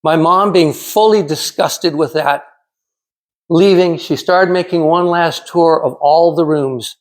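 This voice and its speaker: A man in his sixties from California giving a prepared storytelling speech in a measured, dramatic way with pauses. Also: fairly high pitch. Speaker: club speaker.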